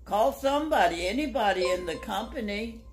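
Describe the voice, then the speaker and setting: A woman's voice: medium pitch, expressive, normal speed, soft background music. An older woman with a Southern US accent, a grandmother chatting on a live stream in a plain-spoken, lecturing way. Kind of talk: casual chat.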